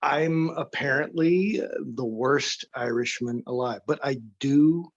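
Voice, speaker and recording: A man's voice: medium pitch, unhurried, no room sound. Guest, male, sardonic and blunt, self-deprecating jokes; dull, dry remote audio. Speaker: guest author. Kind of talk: casual podcast chat.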